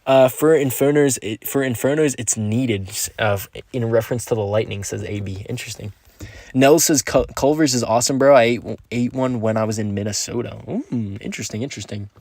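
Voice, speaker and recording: Speaking briskly in a darkish, medium-pitched voice, a young man streams a mobile game and talks to his chat while he plays. He's laid-back, upbeat and slangy, and the recording has no echo.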